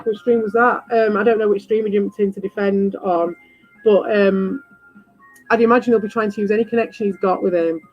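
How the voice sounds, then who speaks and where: A woman streamer in a casual ranting chat, animated, swearing freely and repeating herself. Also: medium pitch, a little fast, highs cut off, faint music behind. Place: home.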